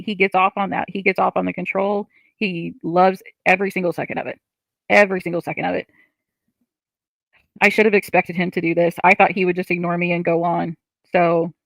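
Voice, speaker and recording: A woman's voice: fairly low pitch, gravelly, no echo. A woman on a livestream, reading chat comments and ranting in frustration, swearing often.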